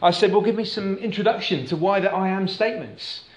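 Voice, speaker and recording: A man's voice: sits high, fairly quick, roomy sound. A man preaching a sermon to a congregation in a church, conversational and asking the room questions. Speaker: pastor. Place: church hall.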